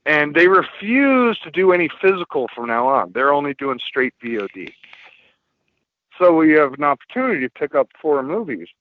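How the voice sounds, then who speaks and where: A man chatting casually on a podcast as a film distributor guest, rambling and swearing a lot as he tells animated stories. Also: fairly high pitch, normal speed, no echo. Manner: profane, rambling, animated storytelling. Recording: muffled lo-fi podcast audio.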